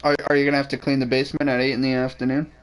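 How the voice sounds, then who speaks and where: A man's voice: medium pitch, flat delivery, very fast, clean tone, low-quality recording. A man joking and teasing his friends on a gaming stream voice chat.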